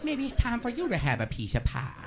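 A squeaky giggly silly voice. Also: male voice, huge pitch swings, brisk, very noisy, exaggerated voice. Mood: goofy. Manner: giggly, singsong nonsense sounds. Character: squeaky silly high-voiced male character. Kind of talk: stand-up comedy bit. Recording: live club with audience laughter.

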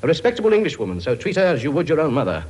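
A man's voice: a little high, wildly swooping pitch, rapid-fire, darkish tone, muffled recording. An actor playing a cheeky, bossy king who lectures his many children in a comedy sketch. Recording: noisy recording.

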